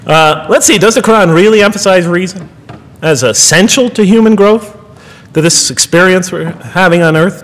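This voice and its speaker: A man's voice: on the high side, a bit bright. A middle-aged man giving a public lecture, earnest and rhetorical, with wry asides to his audience. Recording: long hall reverb.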